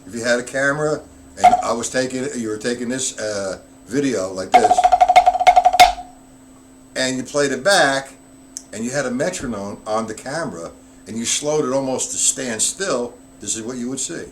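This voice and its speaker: A man's voice: medium pitch, a little fast, very noisy. Man counting beats while teaching drums. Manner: explains step by step, counting beats aloud; answers viewers' chat comments directly. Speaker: drum teacher. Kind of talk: live-stream drum lesson.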